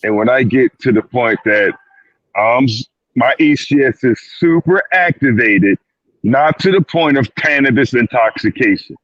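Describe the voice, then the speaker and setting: A man's voice: medium pitch, animated, measured pace, a bit bright, no echo. A man talking as a clinician guest in an emphatic, insistent way. He repeats words and acts out little quoted asides. His voice comes through a dry, dull recording with no room sound. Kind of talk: panel discussion.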